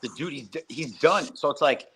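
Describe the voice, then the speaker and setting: A man's voice: fairly high pitch, normal speed, fairly bright tone, slight background noise. A man co-hosting a casual sports podcast, talking in a rambling, profane way and mimicking announcers. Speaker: podcast co-host.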